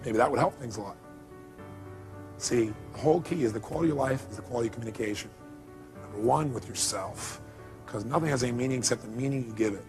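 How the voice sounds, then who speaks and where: A man's voice: mid-range voice, darkish tone. A man giving a motivational seminar talk, emphatic and firing rhetorical questions at his audience. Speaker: motivational speaker.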